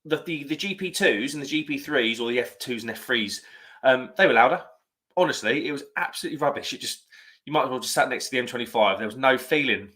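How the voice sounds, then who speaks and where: A man's voice: mid-range voice, animated, fast talker, pushed and bright. A man hosting a live stream, chatting casually and rambling as he reads out viewer comments. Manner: chatty, rambling, self-correcting.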